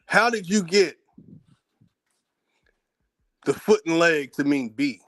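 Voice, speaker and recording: A man with a fairly high voice delivers a blunt monologue in informal speech, with profanity. He hammers his point with rhetorical question after rhetorical question, circling back to repeat them for emphasis. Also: expressive, slow. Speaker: speaker giving a monologue. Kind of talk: heated spoken commentary.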